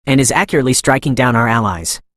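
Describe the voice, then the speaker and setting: A man's voice: medium pitch, fast talker, no echo, clean studio sound, natural voice. A man voicing a boastful, ruthless male martial arts master in a comic recap, reading his taunts. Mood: dismayed. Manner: angry, shouting taunts.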